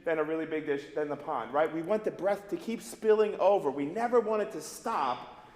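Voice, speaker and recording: A man's voice: fairly high pitch, moderate pace, a little mellow. Give me a man coaching singers in an echoey hall. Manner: encouraging, demonstrates by singing phrases. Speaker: voice teacher leading a master class. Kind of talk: master class coaching. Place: large resonant recital hall. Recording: echoey hall with long reverb, faint music.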